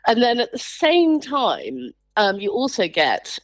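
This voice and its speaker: A woman's voice: a little high, measured pace, dry recording, poor audio. A woman, a writer being interviewed on radio, telling personal stories with energy, often laughing and acting out other people's voices. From England. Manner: lively storyteller, acts out quoted voices, laughs often.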